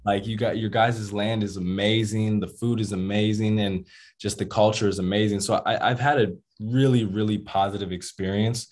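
A young American man, a musician, telling stories in a casual interview with laid-back slang and animated retelling. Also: fairly low pitch, normal speed. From United States. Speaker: musician and rapper.

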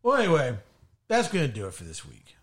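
A man co-hosting a casual podcast from his home studio, chatting in a relaxed, conversational way. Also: fairly high pitch, fairly quick. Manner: relaxed, conversational, wraps up the show. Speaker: podcast co-host. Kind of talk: casual chat.

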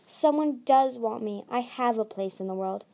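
A woman's voice: a little high, moderate pace, vocal fry, dark tone. A woman reading aloud, voicing a proud, anxious young female sea dragon who speaks emphatically. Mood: longing. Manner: emphatic, pleading.

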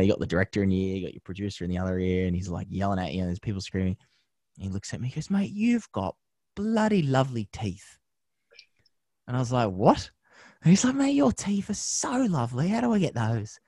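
Deep-voiced man telling stories. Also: no room sound, studio quality. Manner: energetic, laughs often, slangy. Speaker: TV host and media founder. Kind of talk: casual interview storytelling.

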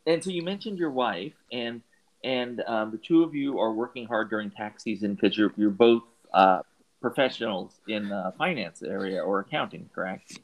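A man's voice: lowish voice, moderate pace. A middle-aged man from Southern California hosting an interview, talking in a rambling way with many restarts and fillers. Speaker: podcast host. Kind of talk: conversational interview.

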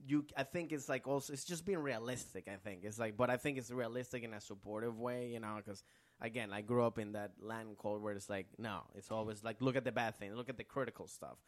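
A man from Venezuela, a comedian guest on a podcast, talking casually with many restarts and "like"s, sometimes acting out relatives in a higher voice. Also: fast, no room sound. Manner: rambling, full of restarts and "like"; acts out relatives' lines in a higher voice.

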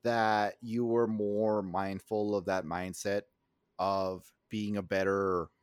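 A man's voice: lowish voice, no echo, studio quality. A man co-hosting a casual podcast, mostly chiming in and reacting to his friend's stories. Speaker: podcast co-host. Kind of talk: casual drunk podcast chat.

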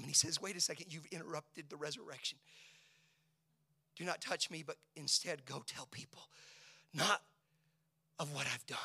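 High bright male preacher, dramatic swings. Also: normal speed, vocal fry, pauses often, breathy edge, no echo. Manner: dramatic preaching, swings from soft whispers to loud high shouts. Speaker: pastor. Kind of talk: sermon.

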